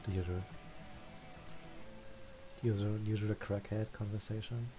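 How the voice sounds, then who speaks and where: A man's voice: lowish voice, fairly even intonation, measured pace, over music. A young man gaming with a friend over voice chat, teasing, laughing often and cracking crude jokes. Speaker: gamer on voice chat. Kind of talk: casual gaming banter.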